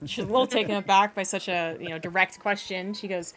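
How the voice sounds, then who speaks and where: A woman running a tabletop horror game as game master, relaxed and often laughing. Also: mid-range voice, fast, faint music behind.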